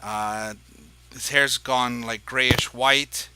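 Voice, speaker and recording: A man's voice: mid-range voice, steady tone, extremely slow, pushed and bright, smooth, rough recording. A man narrating as dungeon master in a tabletop game, describing scenes in a rambling, hesitant way with many fillers.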